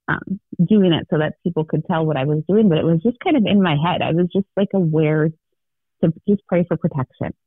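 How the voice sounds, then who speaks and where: A woman, speaking as an interview guest in an earnest, halting way with fillers and restarts, recounting a personal ordeal. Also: on the low side, breathy edge, no room sound. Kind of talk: emotional personal testimony. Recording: tinny phone line, dry.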